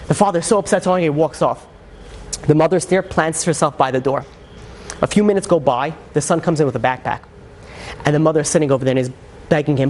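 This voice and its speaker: Animated storytelling rabbi, man. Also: fairly high pitch, a little fast, a little hiss or hum. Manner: animated, conversational, frequent fillers and acted quotes. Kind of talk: sermon storytelling.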